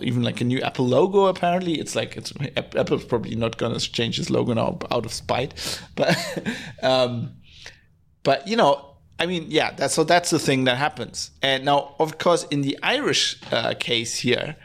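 A man's voice: mid-range voice, normal speed, vocal fry. A man hosting a podcast, ranting in blunt, sarcastic casual commentary, swearing freely and restarting his sentences often. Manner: frequent fillers and restarts. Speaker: podcast host.

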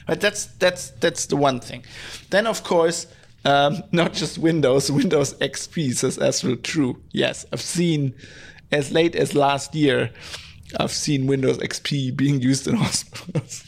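Gravelly man ranting bluntly. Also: a little high, takes it slowly. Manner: blunt, sarcastic, swears freely; frequent fillers and restarts. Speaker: podcast host. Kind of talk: ranting casual commentary.

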